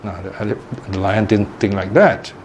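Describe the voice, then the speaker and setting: A man giving a dharma talk, telling a parable in a lively, animated way and often laughing. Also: on the low side, moderate pace, slight background noise. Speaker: Buddhist teacher.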